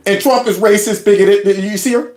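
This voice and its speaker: A man's voice: high-pitched, fairly even intonation, a little fast, darkish tone. A middle-aged man, ranting and mocking as he comments on political clips. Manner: heated, mocking, mimics voices.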